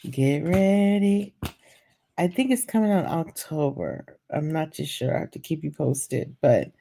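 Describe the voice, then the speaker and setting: This vlogger's deep voice is gravelly and warm, animated, and paced at a normal speed. She delivers gossipy, chatty commentary in a nighttime home vlog, full of fillers, fond asides, and endearments such as "child" and "baby." A slight hiss or hum runs underneath.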